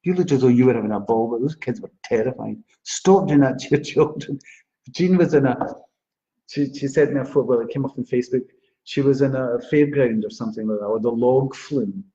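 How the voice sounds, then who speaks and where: Fairly quick and warm, this mid-range male voice belongs to a psychic astrologer running a live stream. He gives card readings and greets viewers by name in a chatty manner, and the stream audio sounds dull and lo-fi.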